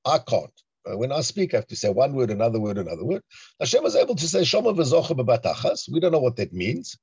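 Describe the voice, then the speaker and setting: A man teaching a Torah class in an animated, emphatic way, often asking rhetorical questions. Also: mid-range voice, fast talker, breathy edge, dry recording. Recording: dull lo-fi recording.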